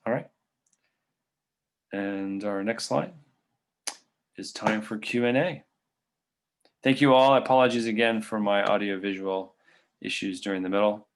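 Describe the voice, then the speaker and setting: Low gravelly man answering questions. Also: a little slow, pauses often, slight background noise. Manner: conversational, thinks aloud with frequent fillers. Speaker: physician presenter.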